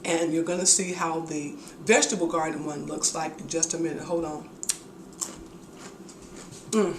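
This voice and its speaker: A woman's voice: low voice, steady tone, moderate pace, slight background noise. A woman hosting a casual home cooking video, chatty and enthusiastic as she demonstrates a recipe in her kitchen. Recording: echoey kitchen with dish clatter.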